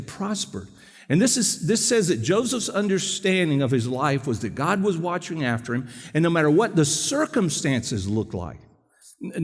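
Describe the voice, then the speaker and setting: A man pastor giving a sermon in a church, talking quickly and conversationally and putting questions to the congregation. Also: fairly high pitch, big-room sound. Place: church sanctuary.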